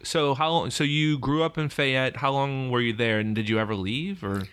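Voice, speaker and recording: A man's voice: medium pitch, normal speed, fairly bright tone, smooth. A man interviewing a guest, asking short, curious follow-up questions.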